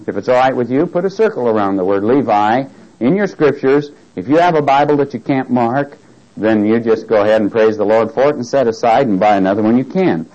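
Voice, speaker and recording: A man's voice: medium pitch, darkish tone. A man preaching a Bible study sermon, reading scripture aloud, joking and asking his congregation questions. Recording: dull lo-fi tape recording.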